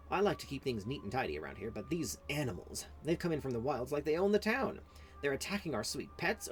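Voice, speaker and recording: A fussy elf villager, voiced by a man sounds flustered and exasperated, with a raised voice. Pitch jumps around as she pleads for help. Faint game music plays behind.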